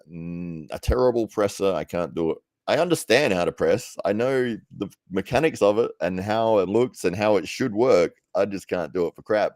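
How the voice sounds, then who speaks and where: Laughing, chatty deep-voiced man. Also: a little mellow, no room sound, studio quality. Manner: chatty, laughs often, self-deprecating. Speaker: livestream host. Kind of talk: casual live-stream chat reading comments.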